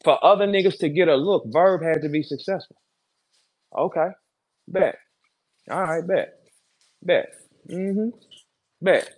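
Fiery, profane battle rapper ranting. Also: male voice, a little slow, pauses often. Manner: fiery, profane, repeats short lines, swings from loud to low. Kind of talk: heated Twitter Spaces rant.

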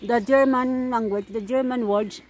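A woman's voice: a little high, fairly even intonation, moderate pace. A woman from the Philippines, vlogging casually on an outdoor walk, laughing often and restarting her sentences. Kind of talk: casual vlog chat.

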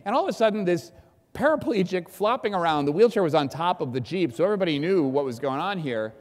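A middle-aged man giving a keynote speech, an animated storyteller who acts out shouting. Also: a little high, quick pace. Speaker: keynote speaker. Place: large event hall. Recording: long hall reverb.

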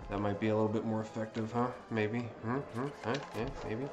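Streamer type: man, voice on the low side, cursing, excitable outbursts, live play commentary, game music clear underneath. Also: a little fast. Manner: swears constantly, excitable outbursts.

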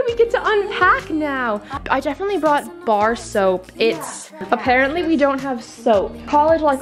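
A woman's voice: high-pitched, big pitch swings, normal speed, few pauses. A young woman, a college freshman, chatting casually and enthusiastically as she vlogs unpacking in her dorm room, often saying "literally" and "like.". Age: young adult. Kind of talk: casual vlog narration. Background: music playing in the room.

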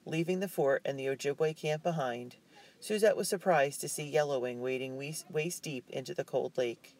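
A man narrating a children's novel chapter in a measured, even storytelling manner. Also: on the high side. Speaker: audiobook narrator. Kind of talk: scripted audiobook narration.

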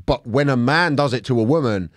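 A man's voice: mid-range voice, a little fast, no echo, clean studio sound. A man telling anecdotes in a casual podcast chat, swearing freely and mimicking voices. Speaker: podcast co-host.

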